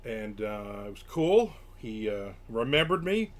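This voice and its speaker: An older man with a lowish, sing-song voice takes his time, streaming from his home room. Chatting casually, he grumbles through a story and acts out what was said.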